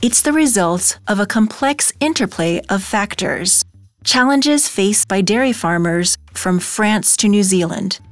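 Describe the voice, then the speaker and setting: A woman reading a news article aloud in an even, measured way. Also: mid-range voice, no echo, faint music behind. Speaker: news reader.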